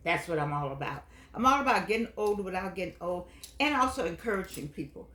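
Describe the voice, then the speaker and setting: A woman's voice: on the low side, expressive, fast talker, a bit bright, reverberant. An older woman hosting a senior-life show, talking in an earnest, chatty way with preacher-like emphasis and reading from a book. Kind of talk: casual motivational talk with book reading.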